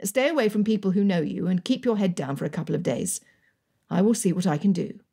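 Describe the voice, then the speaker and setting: A woman reading the part of a jovial Regency colonel, joking yet firm with his cousin. The voice is mellow and a little breathy, like a storybook audiobook. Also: on the low side, a little fast. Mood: reassuring.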